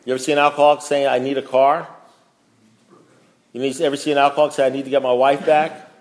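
A man speaking at a recovery meeting in a mid-pitched voice. He talks bluntly and emphatically and repeats phrases for emphasis, dropping into low asides and then rising into loud preaching. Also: flat delivery, fast talker. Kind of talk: recovery meeting talk reading from a book.

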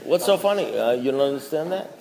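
A man speaking at a recovery meeting in a mid-pitched voice. He talks bluntly and emphatically and repeats phrases for emphasis, dropping into low asides and then rising into loud preaching. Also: expressive, quick pace, gravelly, a crowd in the background. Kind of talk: recovery meeting talk reading from a book.

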